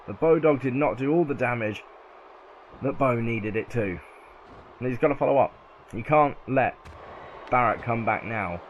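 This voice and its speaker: A man with a southern English accent doing play-by-play commentary over a video game, excitable and yelling at close calls. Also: mid-range voice, normal speed, pauses often, slight background noise. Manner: excitable, yells at near-falls.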